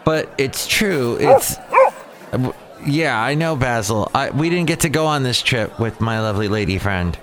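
A man's voice: mid-range voice, animated, moderate pace, a crowd in the background. A man hosting his own daily podcast alone, playful and digressive, joking at his own expense. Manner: playful, digressive, self-mocking. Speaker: podcast host. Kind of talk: rambling solo podcast.

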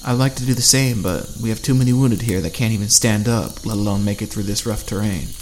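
A man voicing a calm, reasonable male survivor who leads the group. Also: on the low side, fairly quick, slight background noise, close to an everyday voice. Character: calm, level-headed male survivor leader.

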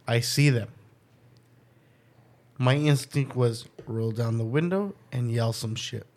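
A man's voice: mid-range voice, slow pace, darkish tone. Profane storytelling man on a podcast. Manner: profane, laughing, acts out quoted voices. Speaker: podcast host. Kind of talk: casual storytelling chat.

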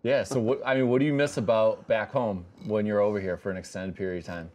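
An American man with a low voice hosts a podcast in a loose, joking way. He throws out casual questions and teases his guest. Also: fairly even intonation, quick pace, darkish tone. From United States. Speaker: podcast host. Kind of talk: casual interview chat.

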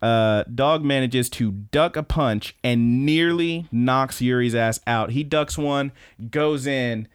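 A young man co-hosting a podcast, recapping an anime fight in a casual, animated play-by-play full of swearing. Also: medium pitch, slow pace, clean tone. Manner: animated, profane play-by-play storytelling. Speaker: podcast co-host.

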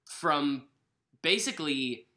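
A woman's voice: low voice, lively intonation, slow pace, pushed and bright. A young woman co-hosting a casual podcast, rambling through news with fillers and self-corrections. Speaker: podcast co-host. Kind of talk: casual chat.

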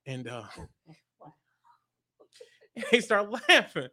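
A man's voice: high-pitched, slow, long pauses, no room sound. A man, a comedian, chatting in an interview and telling stories, acting out the voices in his jokes. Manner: animated storyteller acting out joke voices. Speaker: comedian guest. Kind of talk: casual interview chat.

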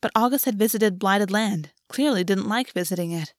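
A woman reading a fan fiction story aloud in a steady, even narration. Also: mid-range voice, moderate pace, no room sound, clean studio sound. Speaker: audiobook reader.

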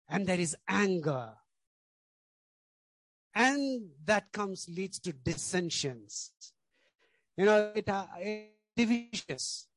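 Brief: male pastor, unhurried emphatic sermon delivery, dry close sound, repeats his points. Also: high-pitched, no room sound. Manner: emphatic preaching, repeats key words, frequent "you know".

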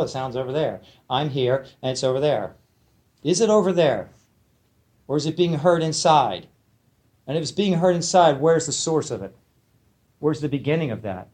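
A man's voice: on the high side, a little mellow. Man telling a teaching story. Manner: storytelling, asks the listeners questions, acts out quotes. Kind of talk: spoken dharma talk to a small group.

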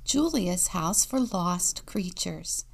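A woman deacon reads a children's story at an unhurried pace, her voice carrying a gravelly fry. She slips into hushed whispers for the quiet moments and plays up the sound words. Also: lowish voice, animated. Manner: storytelling, dropping to a whisper for suspense. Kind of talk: reading a children's picture book aloud.

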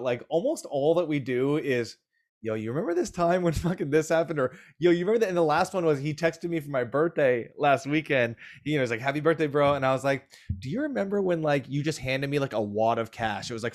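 A man who is a touring musician, chatting casually and telling road stories with lots of swearing and restarts. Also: mid-range voice. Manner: profane, animated storyteller with restarts. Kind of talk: casual chat.

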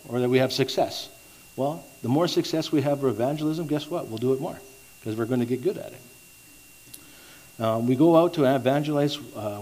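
A man's voice: medium pitch, a little mellow, poor audio. A man teaching evangelism in a conversational sermon, telling stories and often asking "right?", with frequent restarts. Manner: conversational, asks the audience "right?"; halting, with many restarts. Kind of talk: sermon with storytelling.

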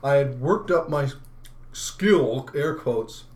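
A man co-hosting a podcast, telling an animated story and laughing often, a little sick and chewing lozenges. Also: mid-range voice, takes it slowly. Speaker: podcast co-host. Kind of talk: casual chat.

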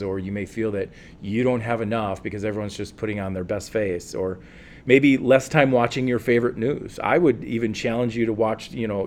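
A man, a counselor, answering interview questions in a calm, earnest and reflective way, with many fillers and restarts. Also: fairly low pitch, a little hiss or hum. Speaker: guest, counselor.

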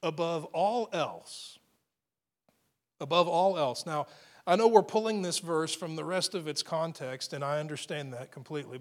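A man who is a husband and father, preaching a sermon in an earnest, emphatic way, often restarting and repeating words. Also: a little high. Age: adult with family. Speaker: pastor.

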